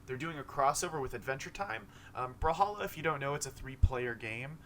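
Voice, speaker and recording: A man's voice: mid-range voice, lively intonation, a little fast, pushed and bright, slight background noise. Rambling man recapping a game showcase. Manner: rambling, loose, lots of fillers and self-corrections. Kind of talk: casual commentary monologue.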